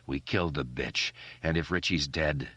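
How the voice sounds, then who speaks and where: A man's voice: rumbling low, normal speed, bright, forceful tone, slightly rough, no echo, full character voice. A man reading the part of an exhausted young man who stammers when strained. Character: weary young man calling out, stuttering.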